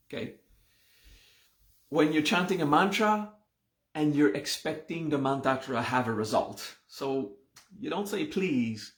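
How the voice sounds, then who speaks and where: A man explains ideas at an unhurried, deliberate pace, pausing to check that his listeners follow. His voice sits in a mid range and carries a noticeable roomy echo, as if recorded in an open space. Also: medium pitch. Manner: slow, patient explaining with frequent "okay?" checks. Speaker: meditation and mantra teacher. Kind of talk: live online class explanation.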